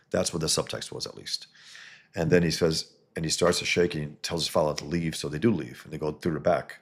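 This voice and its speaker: A man's voice: rumbling low, fast talker, husky. A man casually reviewing a comic on a live stream, rambling with many fillers and restarts.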